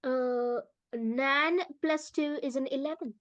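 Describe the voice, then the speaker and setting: Woman player, unhurried, hesitant, many fillers; muffled recording. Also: high voice, a bit bright. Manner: halting, many fillers and restarts. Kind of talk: tabletop game play.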